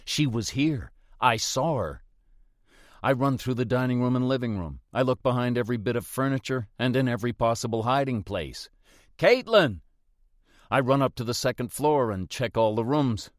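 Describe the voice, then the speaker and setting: A man's voice: medium pitch, moderate pace, no room sound, studio quality. A man narrating a suspense audiobook in the first person, with a tense delivery.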